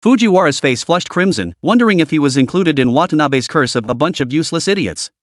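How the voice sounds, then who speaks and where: A man narrating a story in a steady, scripted reading voice. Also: on the high side, fast talker, dry recording, studio quality. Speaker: audiobook narrator.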